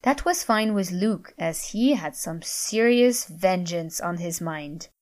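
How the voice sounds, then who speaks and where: Slow, measured woman storyteller. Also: fairly low pitch, animated, darkish tone. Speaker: audiobook narrator. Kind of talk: scripted story narration.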